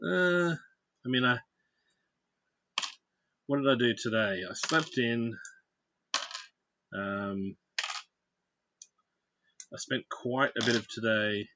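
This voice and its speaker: A man's voice: medium pitch, slow, pauses often, background noise. A man hosting a casual livestream, chatting and greeting viewers by name while he builds. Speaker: livestream host.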